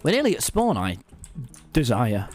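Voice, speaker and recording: A young man streaming a game with friends, excitable and swearing, with bursts of shouting. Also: medium pitch, moderate pace. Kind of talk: live game stream chat.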